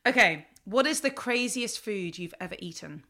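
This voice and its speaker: A woman's voice: mid-range voice, expressive, normal speed, pushed and bright. A woman hosting a podcast, reacting readily and laughing in casual chat. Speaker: podcast host.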